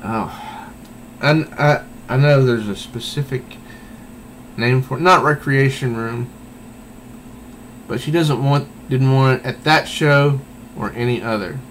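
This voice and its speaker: Slow, rambling male comic reviewer. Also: mid-range voice, fairly bright tone, a little hiss or hum, rough recording. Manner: meandering, thinking aloud. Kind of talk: casual spoken review.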